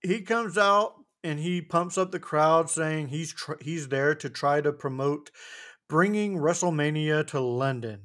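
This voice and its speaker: A man co-hosting a casual wrestling recap podcast, talking in a rambling, animated way with frequent restarts. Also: fairly high pitch, a little slow. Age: adult with a wife. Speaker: podcast co-host.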